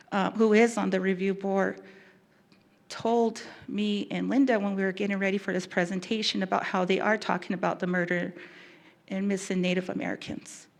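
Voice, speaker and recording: A woman's voice: medium pitch, vocal fry. Earnest woman speaking at a presentation. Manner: earnest, emotional, with pauses and restarts. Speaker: victim specialist. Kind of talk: public talk.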